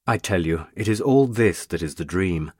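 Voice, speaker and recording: A man reading a first-person story aloud in an intense, brooding, expressive way. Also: low voice, moderate pace, husky, no echo, clean studio sound. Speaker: narrator.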